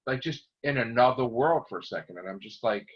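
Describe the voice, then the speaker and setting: A man ranting casually to camera as a vlogger, excitable and rambling, swearing constantly. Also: medium pitch, brisk. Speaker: YouTube vlogger. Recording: dull lo-fi recording.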